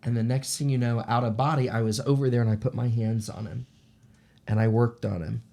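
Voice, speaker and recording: A middle-aged man, telling a personal story in a casual, animated way. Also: mid-range voice, brisk, gravelly. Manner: animated, acts out the voices of people in his stories. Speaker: shaman sharing paranormal stories.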